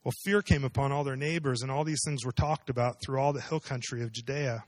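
A man's voice: mid-range voice, fairly even intonation, brisk, dry recording, clean studio sound. A man preaching a sermon, explaining a scripture passage in a conversational way and asking his listeners questions. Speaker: pastor.

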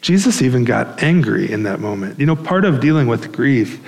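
A man's voice: mid-range voice, sing-song, normal speed, creaky, darkish tone, in a large hall, poor audio. A male pastor preaching a sermon in a conversational way, with fillers and restarts.

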